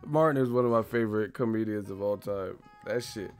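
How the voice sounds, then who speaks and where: A man's voice: on the low side, moderate pace, clear, resonant tone, soft background music. A man hosting a casual livestream chat, talking in slang, laughing often and putting on mock voices. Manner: laughs a lot, slangy, does mock voices of movie characters. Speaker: livestream host.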